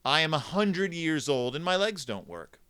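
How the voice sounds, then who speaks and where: Brief: a hundred-year-old mule with bad legs, wallowing in theatrical misery, as a man voices him. Lively pitch. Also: normal speed, clean tone. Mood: self-pitying. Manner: mournful, theatrical complaining. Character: ancient male mule, aching, melodramatic, self-pitying.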